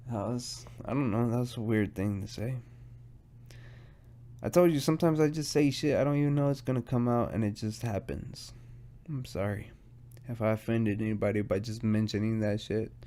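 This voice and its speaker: A stoned man talks alone on his podcast with a gravelly voice that sits at an ordinary pitch. He rambles from one thought to the next, swears freely and keeps making fun of himself. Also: measured pace, long pauses, warm tone. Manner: rambling, profane and self-mocking. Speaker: podcast host. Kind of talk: casual solo podcast monologue.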